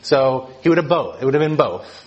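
A man's voice: mid-range voice, animated, fairly quick. Man teaching casually, lo-fi sound. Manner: conversational, keeps checking in with "right?". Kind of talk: informal teaching talk.

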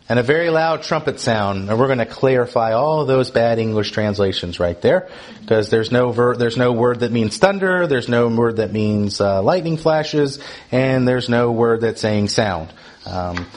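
A man giving Bible teaching, explaining a text and putting questions to his listeners. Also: medium pitch.

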